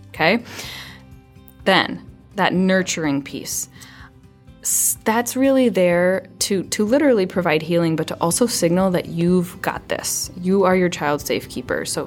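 A woman with a somewhat low voice explains child behavior as a parenting podcast guest. She speaks conversationally and often eases into a quiet, soothing register. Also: normal speed, soft background music. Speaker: early childhood mental health specialist. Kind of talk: podcast interview, advice.

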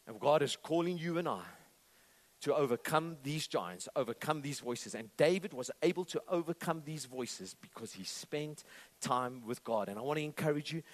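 A man preaches passionately to a congregation, swinging between loud declarations and low, intense tones. Now and then he slips in playful, humorous asides.

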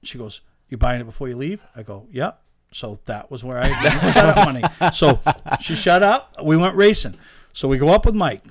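A man, a guest telling lively stories about owning race cars in a casual chat, acting out the voices of the people in them. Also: fairly high pitch, normal speed. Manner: animated anecdote teller, acts out quoted dialogue. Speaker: guest, race car owner. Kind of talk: casual storytelling in a podcast chat.

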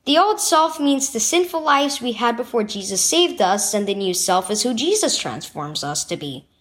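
A woman voicing a calm oldest brother who patiently explains things in a storybook reading. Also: fairly high pitch, normal speed. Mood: earnest.

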